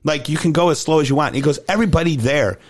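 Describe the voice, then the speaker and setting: A man co-hosting a sports podcast, telling stories in casual chat and quoting others with lively emphasis. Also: on the high side, quick pace. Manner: storytelling, quotes others in animated voice. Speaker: podcast co-host, coach.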